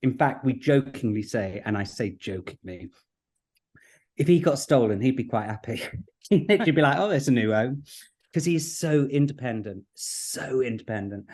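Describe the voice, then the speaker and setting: A man, a guest in a casual podcast chat, telling stories in a lively way and laughing often. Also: medium pitch. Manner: chatty, quick to laugh, animated storytelling. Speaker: guest broadcaster.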